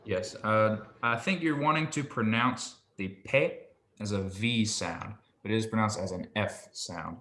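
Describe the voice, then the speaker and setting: A man's voice: fairly low pitch, a little slow, few pauses, fairly bright tone. A man teaching Hebrew, patiently correcting pronunciation and encouraging his student. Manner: patient, encouraging, loose with fillers. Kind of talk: online language tutoring. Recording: roomy echo.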